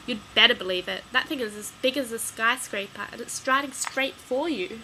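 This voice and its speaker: A woman reads a children's spooky gamebook aloud in a bright, fairly high voice. She gives the lines lively emphasis as she narrates. A faint noise sits under the recording. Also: moderate pace, rough recording. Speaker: storyteller.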